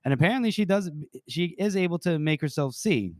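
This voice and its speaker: A man's voice: fairly high pitch, expressive, brisk, darkish tone, no room sound, clean studio sound. A man co-hosting a podcast, casually retelling a book scene, laughing often and swearing freely. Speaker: podcast co-host.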